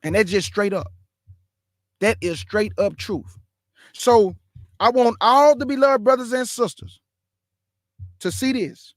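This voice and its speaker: A man preaching Bible commentary, emphatic and firing rhetorical questions, reading scripture aloud slowly and deliberately. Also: high-pitched, no room sound, clean studio sound. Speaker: online Bible teacher.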